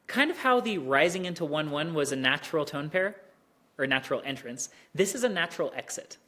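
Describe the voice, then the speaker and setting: A teacher giving an online lesson on Mandarin tones, who speaks slowly and carefully and exaggerates the tones to demonstrate them. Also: mid-range voice, animated, sharp tone.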